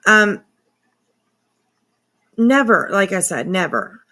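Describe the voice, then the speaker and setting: A woman's voice: mid-range voice, expressive, slow pace, long pauses, fairly bright tone. A woman hosting a commentary channel, reacting to clips in casual, profane, incredulous talk. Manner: incredulous, profane, talks to her cat and viewers.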